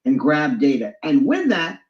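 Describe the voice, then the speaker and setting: With pitch that swoops wildly and a slightly slow delivery, this man tells stories as a guest and keeps breaking into high-pitched mimicry of the characters. It's animated storytelling full of impressions, heard through echoey, dull lo-fi audio.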